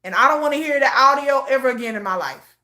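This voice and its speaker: A woman's voice: sits high, animated, fast talker, pushed and bright, echoey room. A woman giving casual, emotional commentary, often repeating herself. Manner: emotional, repetitive, restarts often. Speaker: commentary vlogger.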